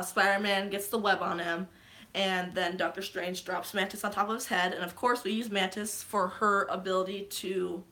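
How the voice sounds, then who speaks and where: A woman casually recapping a movie's plot in a vlog, excitable, swearing freely and geeking out. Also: mid-range voice. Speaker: vlogger.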